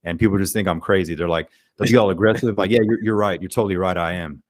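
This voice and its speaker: This life coach, a guest on a podcast, chats casually and energetically, often acting out what people said. His voice sits low and moves quickly, captured with clean studio sound and no echo.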